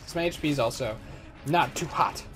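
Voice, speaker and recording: This let's play host sounds a bit bright and brisk, his pitch on the high side. Faint music plays behind him as the twentysomething man offers rambling, self-mocking, jokey commentary on his gameplay.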